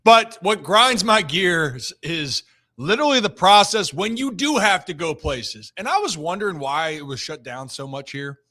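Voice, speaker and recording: A young man with a high, bright voice holds forth on a casual sports talk show. He rants in an animated way and tells a story as he goes. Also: normal speed. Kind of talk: casual chat.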